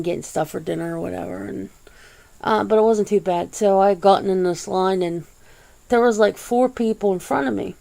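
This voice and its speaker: A woman hosting a casual, soft-spoken ASMR chat, rambling along with easy swearing and frequent laughs, close to the mic. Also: mid-range voice, creaky. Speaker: ASMR channel host.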